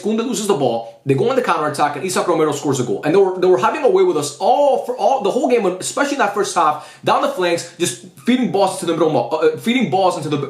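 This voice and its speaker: A man's voice: sits high, reverberant. A man giving a ranting post-match football review, frustrated and profane, repeating himself as he vents.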